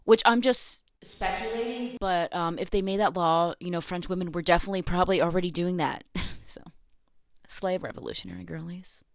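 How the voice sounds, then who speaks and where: A young American woman hosts a casual educational vlog in a brisk, lowish voice, chatty and sarcastic, giggling between lines. The studio sound is clean, with no room sound at all.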